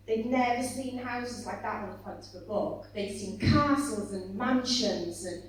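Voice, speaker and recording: A woman's voice: fairly high pitch, normal speed, few pauses. A woman author on a conference panel, talking chattily and animatedly and often breaking off mid-sentence. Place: conference hall. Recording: echoey hall from far off with faint hum.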